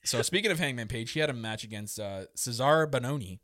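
A man co-hosting a casual podcast chat, excitable and rambling, with quick laughs and restarts. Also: medium pitch, no echo, clean studio sound. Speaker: podcast co-host. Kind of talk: casual wrestling recap chat.

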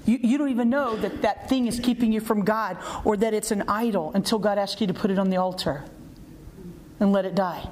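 A woman preacher giving an animated, conversational sermon, acting out quotes and laughing often. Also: mid-range voice, brisk, a little hiss or hum.

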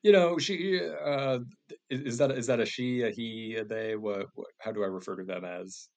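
A man's voice: medium pitch, normal speed. A man narrating a comedic tabletop game as game master, rambling with many fillers and restarts.

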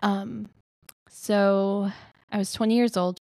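A woman's voice: mid-range voice, little pitch movement, slow, creaky, darkish tone, dry recording. A young woman from Alabama, a life coach, telling her personal story in an earnest, chatty way with many fillers.

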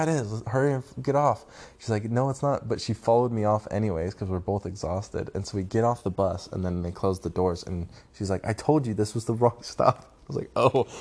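A man's voice: low-pitched, darkish tone. A young man casually telling a rambling travel story, swearing and laughing as he goes. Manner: rambling, profane, laughs often. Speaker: vlogger.

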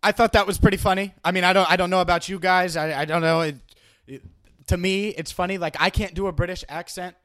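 A man's voice: sits high, fairly even intonation, fast, a bit bright. Chatty man hosting a sports podcast. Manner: chatty, self-deprecating, stumbles and repeats words. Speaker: podcast host. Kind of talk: casual sports podcast talk.

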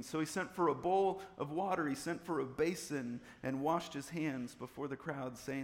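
A man's voice: a little high, moderate pace, few pauses, long reverb tail. A man preaching a sermon, repeating phrases and building up in intensity. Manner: preaching with swelling intensity and repetition. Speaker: pastor.

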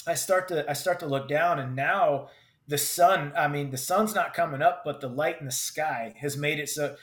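A combat veteran telling a personal story in vivid, halting bursts with many restarts. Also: male voice, a little high, fairly bright tone. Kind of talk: personal story told in conversation. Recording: roomy echo.

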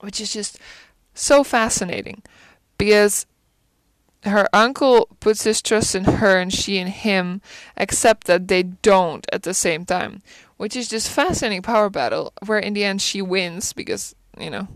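A woman's voice: medium pitch, measured pace, dry recording. A woman chatting casually about a film, thinking aloud, asking herself questions and often restarting as she searches for words. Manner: reflective, asks rhetorical questions. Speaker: film commentator. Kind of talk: casual musing chat.

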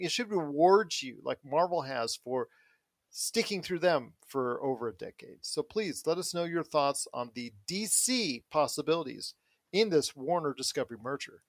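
A man hosting a pop culture radio show and podcast, with an energetic, promo-style delivery. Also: a little high, no room sound. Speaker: podcast host.

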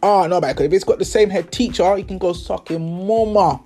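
A young podcast host speaks quickly in a high-pitched voice with a warm tone while soft music plays in the background. His casual storytelling monologue is slangy and full of swearing, and he acts out the people he's talking about.

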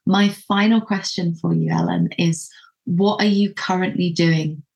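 A woman hosts a casual podcast interview with a fairly low voice. She speaks quickly and responds to her guest in a warm, affirming way. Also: steady tone, creaky. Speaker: podcast host.

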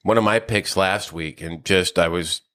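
A man co-hosting a casual golf podcast, his voice sitting a little low. He rants in playful mock anger, swearing at his friend as they haggle over picks. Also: normal speed, a bit bright, dry recording. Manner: mock-angry ranting, swears, teasing. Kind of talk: casual chat.

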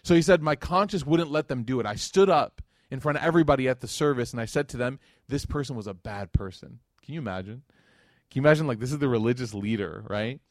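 A man in his thirties gives a religious lecture in an ordinary mid-range voice, recorded close and dry. He tells a story with lively acted-out quotes and often turns to ask his listeners questions. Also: mid-range voice, quick pace, no echo. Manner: animated storyteller, acts out quoted speakers, addresses audience directly.

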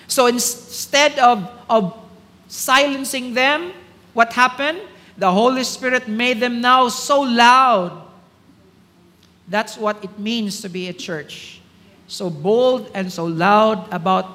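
Filipino pastor guy preaching, bright sharp voice, keeps asking "all right?", echoey hall. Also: very high voice. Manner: emphatic, repeats key phrases, asks the congregation "all right?". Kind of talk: sermon.

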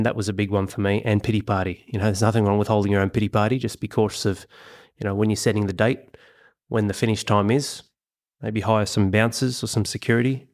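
A man hosting a motivational podcast, talking bluntly and swearing for emphasis. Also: fairly low pitch. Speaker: podcast host. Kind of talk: motivational monologue.

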